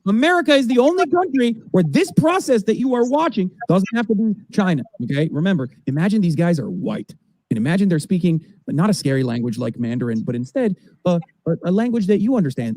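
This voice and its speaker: A man's voice: sits high, big pitch swings, brisk, darkish tone, no room sound. A man co-hosting a livestream, commenting on a video in a sarcastic, ranting way. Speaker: co-host.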